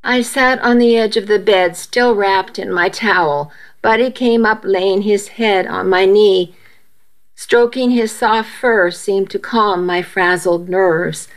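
A woman narrating a first-person story aloud in a steady, measured way. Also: medium pitch.

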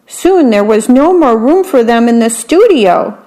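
A woman reads a picture book aloud at an unhurried pace. Her voice sits slightly high. Between the lines of the story she drops into an easy, chatty aside, describing the pictures. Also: lively intonation, mellow, poor audio. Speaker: storybook reader.

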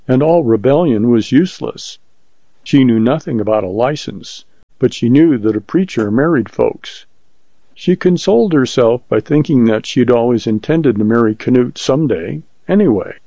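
A man reading a story aloud as narrator in a measured, even way. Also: mid-range voice, vocal fry, no room sound. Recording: muffled lo-fi recording.

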